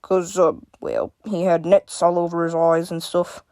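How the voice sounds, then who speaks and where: A woman's voice: on the low side, level tone, a little slow, mellow, dry recording, clean studio sound. A woman voicing a friendly, chuckling male dumpling vendor who talks in an easygoing way.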